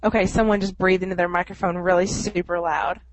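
A woman's voice: lowish voice, steady tone, brisk, no room sound. A woman co-hosting a fan podcast in casual chat, giggling and teasing the others. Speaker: podcast co-host.

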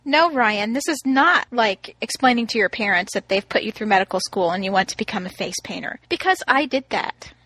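A woman's voice: on the high side, animated, fairly quick, few pauses, fairly bright tone. A woman co-hosting a podcast, talking emphatically and teasing in casual chat. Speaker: podcast co-host.

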